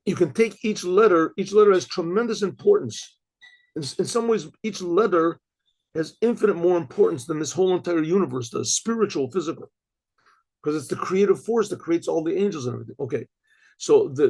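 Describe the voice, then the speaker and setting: An older man, a rabbi, giving an informal Torah lecture. He wanders off on tangents, repeats phrases for emphasis, keeps saying "okay, so" and often clears his throat. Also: on the high side, darkish tone. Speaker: rabbi teaching a class.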